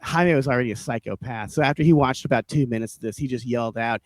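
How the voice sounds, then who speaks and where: A man telling rambling stand-up stories on a podcast, profane and animated, often laughing and acting out the people he quotes. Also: medium pitch, fast talker, no echo. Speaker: podcast co-host, stand-up comic. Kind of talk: casual storytelling chat.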